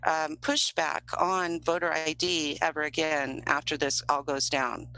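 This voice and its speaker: A woman co-hosting a casual political chat, talking in an emphatic, heated way with quick restarts. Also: fairly low pitch, bright, forceful tone, rough recording. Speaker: podcast co-host.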